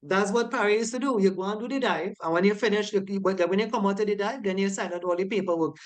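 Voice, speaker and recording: A woman's voice: mid-range voice, quick pace. A woman teaching a safety course, emphatic and checking often that her students follow. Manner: emphatic, keeps asking "right?" to check understanding. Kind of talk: online lecture going over quiz answers.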